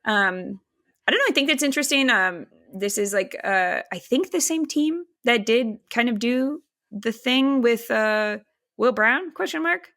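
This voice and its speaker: A woman's voice: a little high, lively intonation, measured pace, fairly bright tone. A woman co-hosting a podcast in casual chat, swearing freely, laughing often and steering the questions. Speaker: podcast co-host.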